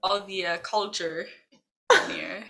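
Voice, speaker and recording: Slow, gravelly-voiced woman co-host. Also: medium pitch, steady tone, fairly bright tone. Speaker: podcast co-host. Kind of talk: casual chat.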